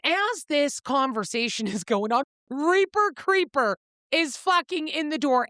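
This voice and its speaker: Lively woman recapping a book, swearing freely. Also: measured pace, no echo, studio quality. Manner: animated storyteller, swears freely, acts out quotes with pitch jumps. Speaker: podcast co-host. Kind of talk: casual book recap chat.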